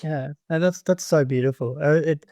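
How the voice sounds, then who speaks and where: A man's voice: a little high, normal speed, mellow, no echo, clean studio sound. A man, a guest on a podcast, talking earnestly and rambling a little in casual chat. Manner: earnest, rambling, frequent fillers and restarts. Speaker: podcast guest, grower and educator.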